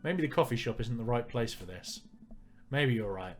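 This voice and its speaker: A man's voice: mid-range voice, expressive, moderate pace. Guy reading out a dating game, dry jokey asides, faint music behind him. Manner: wry, joking asides. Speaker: let's player. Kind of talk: reading a visual novel aloud with commentary.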